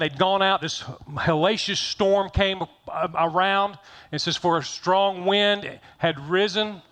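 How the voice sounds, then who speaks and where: A man's voice: sits high, fairly bright tone, clean tone. A middle-aged man pastor giving a conversational sermon, folksy and joking, repeating phrases for emphasis.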